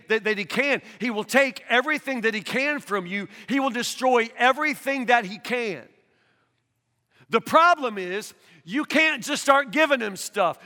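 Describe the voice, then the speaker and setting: Man, pastor, earnest sermon, very high voice, bright tone, long echo of a church hall. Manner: earnest, repeats words when pressing a point, rises to near shouting.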